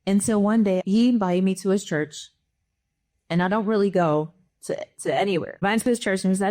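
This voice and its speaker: A woman's voice: lowish voice, steady tone, quick pace, a little mellow, no room sound, clean studio sound. A woman guest on a panel, telling a personal story in a candid, emotional, conversational way. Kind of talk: personal testimony in a panel chat.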